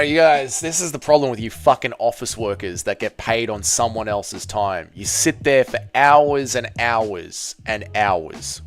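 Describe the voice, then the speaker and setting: A man's voice: medium pitch, fairly bright tone. A man hosting a live fight watch-along stream, bantering with his chat in a casual, profane way.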